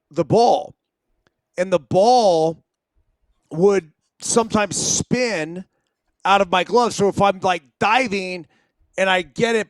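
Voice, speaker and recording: Man, middle-aged, co-host, casual laid-back talk, high pitch, dry sound. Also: no echo. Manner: laid-back, says "dude" a lot. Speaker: co-host, former ballplayer. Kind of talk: casual baseball chat.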